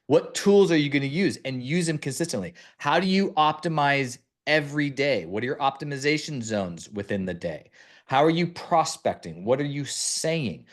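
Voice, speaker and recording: A man's voice: mid-range voice, animated, normal speed. A man hosting a mortgage-business podcast, coaching listeners step by step in an instructive way. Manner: instructive, lays out steps one by one. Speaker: mortgage branch leader and podcast host.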